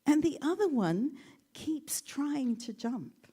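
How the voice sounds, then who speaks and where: A woman minister giving a sermon, telling stories gently with playful asides. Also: high-pitched, very animated, slow. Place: church sanctuary.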